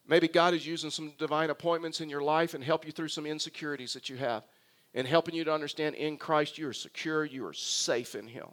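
A man's voice: on the high side, fairly even intonation, a little fast, a bit bright. A man preaching a sermon, speaking earnestly and repeating phrases as he addresses the congregation. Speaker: pastor.

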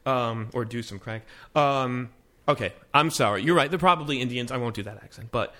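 A man co-hosting a casual tech podcast, talking fast and rambling with lots of restarts. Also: medium pitch, sharp tone. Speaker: podcast co-host. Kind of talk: casual tech news chat.

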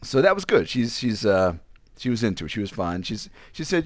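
Lively storytelling man, low voice. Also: normal speed, no echo. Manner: animated, acts out quoted lines with pitch jumps. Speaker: podcast host telling a story. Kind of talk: casual storytelling.

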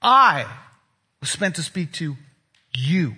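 A stern, imposing male angel messenger, as a man puts him on while preaching, declaring his words with heavy emphasis and rebuke. The voice is husky, bright and sits a little high. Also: big pitch swings, takes it slowly, exaggerated voice.

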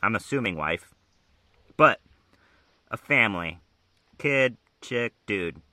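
A man's voice: fairly low pitch, expressive, slow pace, sharp tone, no room sound. A man co-hosting a podcast, retelling a comic in a crude, joking, casual way. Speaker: podcast co-host reading a comic. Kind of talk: casual chat.

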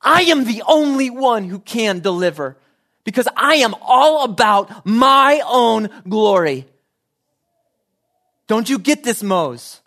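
A man preaching voices God as a loud, proclaiming figure who demands all the glory. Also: extremely high pitch, expressive, slow pace, pitched above the performer's own voice, full character voice. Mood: booming.

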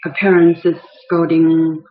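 Slow, careful language teacher. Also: medium pitch, completely flat delivery. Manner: slow and deliberate, with hesitant fillers. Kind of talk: explaining a language lesson. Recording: dull, lo-fi sound.

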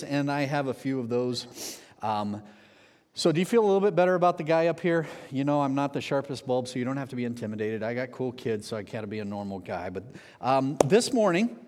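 A man preaching a sermon, telling a story with lively energy and acting out the quotes. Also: mid-range voice. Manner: animated storyteller, acts out shouted quotes. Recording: long hall reverb.

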